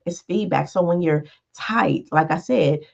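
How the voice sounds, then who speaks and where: In a fairly low, gravelly voice and an unhurried pace, a life coach talks through a casual motivational monologue on her podcast. She's conversational, frequently checking in with "right?" and "all right", and the audio is dull.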